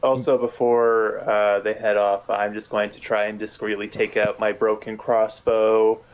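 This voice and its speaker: A man playing in a tabletop game, stating his moves in a quick, matter-of-fact way. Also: lowish voice, flat delivery, smooth, dull audio. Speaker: player. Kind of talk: casual tabletop play.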